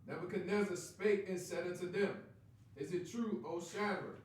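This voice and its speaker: High-voiced man reading scripture from afar. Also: steady tone, moderate pace, a little hiss or hum. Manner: reads steadily, announces verse numbers. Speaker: scripture reader. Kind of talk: reading King James verses aloud. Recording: very echoey room, far from mic.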